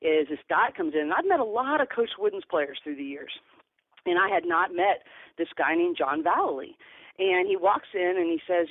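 A woman's voice: on the low side, animated, normal speed, dry recording. A woman basketball coach, a podcast guest, telling stories earnestly and often restarting her sentences. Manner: earnest, repeats words when starting sentences. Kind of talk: storytelling interview answers. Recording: tinny phone line, dry.

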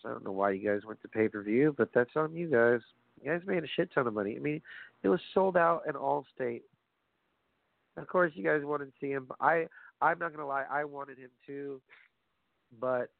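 A man ranting casually about wrestling, profane and animated, addressing his audience directly. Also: mid-range voice, creaky, no room sound. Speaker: wrestling commentary host. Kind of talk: casual opinionated wrestling talk. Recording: phone-like lo-fi audio, dry.

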